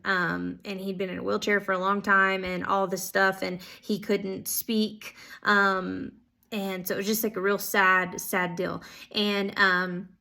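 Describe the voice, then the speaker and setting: A woman telling stories of answered prayer to her viewers, casual and excited, with lots of "um"s and "like"s. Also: mid-range voice, gravelly. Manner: excited, filler-heavy, many "like"s and "um"s. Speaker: ministry school student. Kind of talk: casual testimony storytelling.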